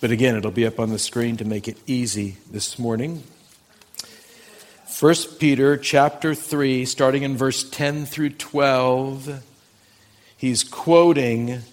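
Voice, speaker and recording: A man, a pastor, preaching a Sunday morning sermon, talking to his congregation and slowing down to read scripture with emphasis. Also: medium pitch. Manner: earnest, conversational preaching with slow emphatic scripture reading. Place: church sanctuary.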